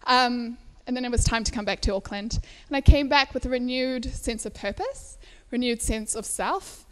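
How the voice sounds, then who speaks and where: A woman's voice: a little high, normal speed, clear, resonant tone. A woman in her thirties from South Africa, telling a personal story to a live audience at an indoor event, chatty and laughing often between fillers.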